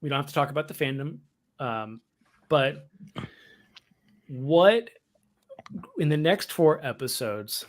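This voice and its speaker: Podcast host guy, rambly and animated, kinda higher voice. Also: takes it slowly, pauses often. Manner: rambling, restarts often, animated. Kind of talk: casual live discussion.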